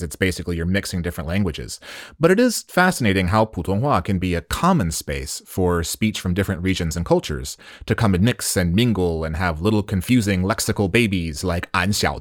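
A man's voice: low voice, no echo, studio quality. A man whose first language is English, hosting a solo podcast lesson on Mandarin slang in a playful, chatty way with jokes and rhetorical questions.

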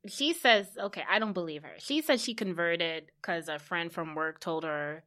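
A woman's voice: on the low side, normal speed, a bit bright. A woman co-hosting a casual podcast, gossiping bluntly and animatedly about reality TV. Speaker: podcast co-host. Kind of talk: casual chat.

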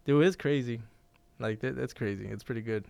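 Chill guy on a podcast mic, smooth voice, dry sound, kinda trails off. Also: medium pitch, brisk, darkish tone, no room sound. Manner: laid-back, trails off, swears casually. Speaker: podcast co-host. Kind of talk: casual chat.

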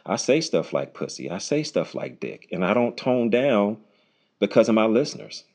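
A man hosting his own unscripted solo podcast, talking bluntly and casually with lots of swearing, his voice jumping high when he jokes. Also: lively intonation, moderate pace, a little mellow. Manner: voice jumps high when joking. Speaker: podcast host. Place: home recording, unedited.

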